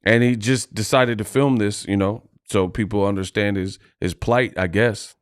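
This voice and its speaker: A man's voice: on the low side, fairly even intonation, smooth, no echo, clean studio sound. A man hosting a boxing commentary video, talking in a loose, conversational way and drawing out his lines. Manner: loose, conversational, drawn-out delivery.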